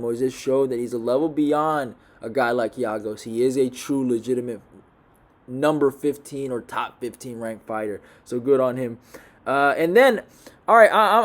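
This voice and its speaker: A young man talking through a fight card off the cuff, blunt and heavy on swearing. His voice sits at an ordinary middle pitch, low and mumbly in the quiet stretches. When something annoys him he gets loud and heated. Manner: blunt and profane, swings into loud rants. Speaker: MMA commentator. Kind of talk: casual fight recap monologue.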